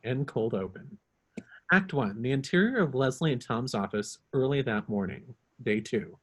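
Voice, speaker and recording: A man reading the stage directions in a script reading, brisk and matter-of-fact. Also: mid-range voice, lively intonation, slightly rough.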